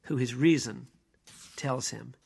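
A man, a priest, lecturing on a play in a halting, digressive way, with many fillers and restarts. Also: medium pitch, gravelly, a little mellow, breathy edge.

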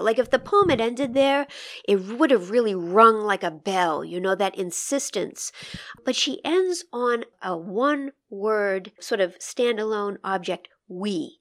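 Woman, poetry co-host, enthusiastic and admiring, medium pitch, conversational close reading. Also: expressive, unhurried, fairly bright tone.

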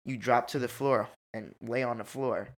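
A man telling a story in a casual, animated chat, full of slang and swearing. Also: mid-range voice, moderate pace.

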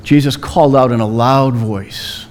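A man preaching a sermon, telling a story slowly and dramatically with long pauses. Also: mid-range voice, steady tone, slight background noise.

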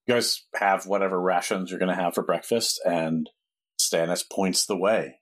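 A man's voice: low-pitched, fairly even intonation, moderate pace. A man running a tabletop role-playing session as game master, narrating in an easygoing, matter-of-fact way.

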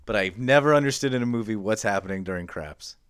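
A man's voice: fairly low pitch, expressive, fast, a bit bright, clean tone, no echo, clean studio sound. A man in casual chat as a podcast co-host, curious and joking, asking questions.

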